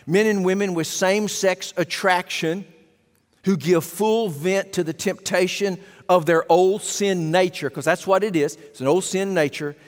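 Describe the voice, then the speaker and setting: Male preacher, high voice, emphatic sermon delivery with rhetorical questions, long church reverb. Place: church sanctuary.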